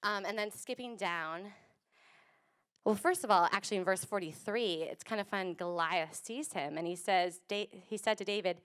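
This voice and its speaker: A woman pastor giving a casual, animated sermon and acting out voices, streamed over a video call. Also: mid-range voice, moderate pace, clean tone.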